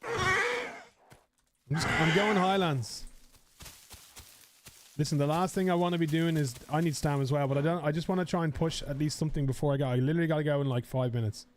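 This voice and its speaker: A man's voice: on the high side, steady tone, racing, few pauses, a little mellow, a little hiss or hum. A man streaming a game live, chatting casually with viewers, rambling and swearing.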